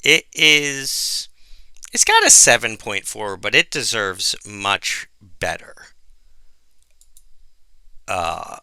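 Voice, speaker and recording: Gravelly bright-voiced man, podcast co-host. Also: fairly low pitch, slow, long pauses, no room sound. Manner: animated, laughs while telling stories; mimics voices in quoted anecdotes. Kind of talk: casual chat.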